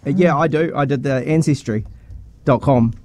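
A man's voice: a little high, moderate pace, a little mellow. A man who directs a radio show, chiming in sheepishly and laughing. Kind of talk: casual studio chat.

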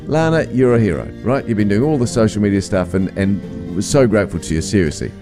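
A man's voice: fairly low pitch, over music. A man hosting a radio show, teasing his co-host in casual banter and laughing often. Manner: teasing, laughing, quick to joke.

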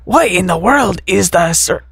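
A woman's voice: on the low side, expressive, a little slow, vocal fry, breathy edge, no room sound, studio quality, heavily acted. A woman putting on a puzzled Spanish woman. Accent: Spanish, put on.

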